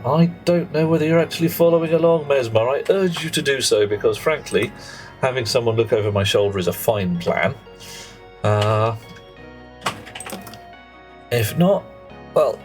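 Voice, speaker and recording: A British man streaming live, chatting casually with viewers in a cheeky, rambling way that slips into mock rants. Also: medium pitch.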